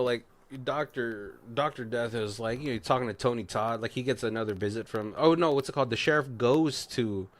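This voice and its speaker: A man co-hosting a casual movie commentary chat, rambling, swearing freely and acting out characters' lines in quick voices. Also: mid-range voice, fairly bright tone, dry recording. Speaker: podcast co-host.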